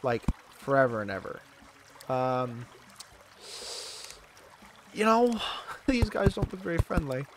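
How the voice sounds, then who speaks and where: A very animated man with a medium-pitched voice speaks slowly, leaving long pauses, while background noise runs underneath. As a gaming channel host doing let's-play commentary, he rambles, ribs himself, laughs a lot, and groans dramatically when his character takes a hit.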